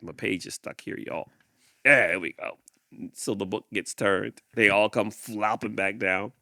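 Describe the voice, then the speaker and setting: A man's voice: on the low side, unhurried, creaky, no room sound, studio quality. A man hosting a podcast, reflecting and then reading a picture book aloud, often repeating words as he goes. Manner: repeats words, animated and expressive. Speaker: podcast host.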